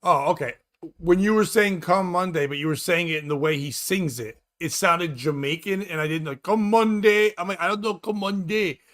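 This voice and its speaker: A man's voice: a little high, a little fast, fairly bright tone. A man hosting a podcast, chatting casually in a rambling, profane, jokey way. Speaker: podcast host and radio DJ. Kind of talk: casual comedic chat.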